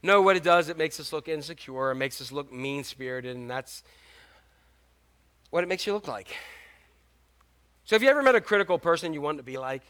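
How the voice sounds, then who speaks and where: A pastor in middle age delivers a sermon with a high, bright, ringing voice. He is animated and jokey, slipping into quick acted-out asides as he tells his stories.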